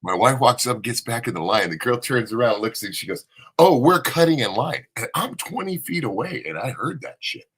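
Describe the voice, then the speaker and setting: A man's voice: mid-range voice, animated, a little fast, few pauses, pushed and bright, slightly rough. A man from Southern California telling a rambling, profane story with frequent laughs on a casual live podcast panel. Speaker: panel co-host.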